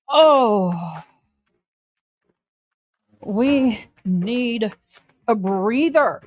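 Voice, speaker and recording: A woman's voice: a little high, expressive, drawn-out words, pauses often, darkish tone. A middle-aged woman, chatting casually and personally to her livestream viewers. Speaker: livestream host.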